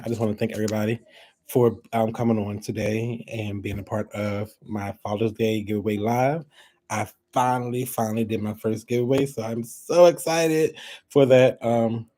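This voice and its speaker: A man hosting a casual giveaway vlog at home, chatting as he draws winners, laughing often and breaking into high excited squeals. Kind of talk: casual chat while drawing giveaway winners.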